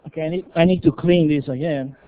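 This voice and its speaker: A man's voice: a little high, fairly even intonation, fast, clean tone. A man presenting at a live workshop, drilling pronunciation by repetition and checking in with the room after nearly every phrase. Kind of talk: live seminar teaching. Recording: tinny phone-like recording.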